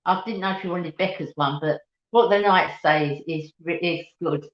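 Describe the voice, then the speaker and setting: A woman's voice: fairly low pitch, moderate pace. Chatty middle-aged woman on a roomy live stream. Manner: chatty, laughing, greets viewers by name. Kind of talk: casual live chat with viewers. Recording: dull, roomy home recording.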